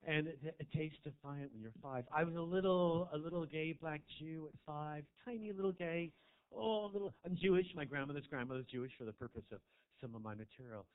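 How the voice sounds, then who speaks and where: A man doing a stand-up comedy set in a small club, with brash, campy crowd work that swings from loud to quiet. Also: fairly high pitch, brisk, clear, resonant tone. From American South. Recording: tinny phone-like audio.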